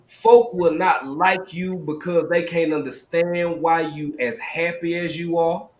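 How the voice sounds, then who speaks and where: A man with a Southern US accent, hosting a live stream panel, telling stories in lively slang over a video call. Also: fairly high pitch, a little slow, reverberant, a little hiss or hum. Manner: animated, storytelling, drawling slang. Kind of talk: casual panel talk.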